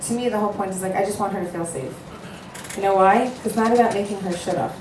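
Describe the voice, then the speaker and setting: A woman matchmaker giving a heartfelt talk to an audience, telling stories and acting out both sides of conversations in an animated way. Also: medium pitch, fast talker. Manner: earnest, animated storytelling, acting out both sides of phone calls. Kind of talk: speech to an audience. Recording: echoey room, voice a bit far from the mic, faint background noise.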